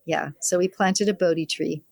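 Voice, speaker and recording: Older woman telling a lively story, dry close sound. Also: fairly low pitch, moderate pace, vocal fry, no room sound. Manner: lively storyteller who acts out quoted family members. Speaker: midwife, interview guest. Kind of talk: anecdotal interview storytelling.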